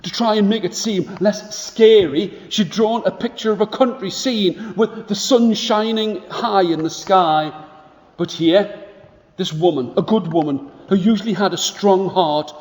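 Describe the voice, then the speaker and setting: A man storytelling to schoolchildren with a rather high voice and an unhurried pace, pausing to get them joining in. His voice carries a long reverb from a large school hall. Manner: animated, drawing the children in to join the actions.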